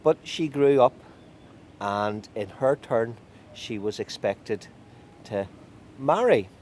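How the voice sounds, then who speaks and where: A man telling a folk tale in a lively, wry way with drawn-out emphasis. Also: mid-range voice, a little hiss or hum. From County Tyrone. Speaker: storyteller.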